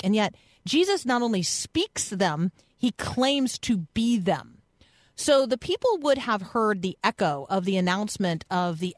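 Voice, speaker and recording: A woman hosts a radio program and unpacks a Bible passage in an earnest, explanatory voice. Her pitch sits in the middle of the range, and the studio sound is dry and close. She talks it through casually, as if thinking aloud. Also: no echo. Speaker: radio host. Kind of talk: conversational Bible teaching on radio.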